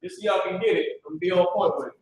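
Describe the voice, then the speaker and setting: A man with a fairly high voice teaches a live religious lesson, emphatic and mocking. He drills pronunciation by repeating words again and again. The sound is roomy and echoey. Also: racing, darkish tone, a little hiss or hum. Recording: echoey room.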